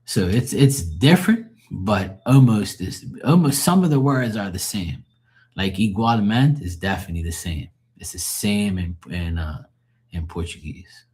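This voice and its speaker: His voice is lowish with a darkish tone as he chats loosely with his live-stream audience. He's casual and explanatory, laying out language differences for chat while laughing easily and swearing here and there.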